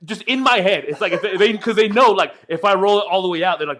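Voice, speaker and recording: A man's voice: high-pitched, rapid-fire, hardly any pauses, a bit bright. A young man in casual podcast chat, telling a rambling story with plenty of swearing.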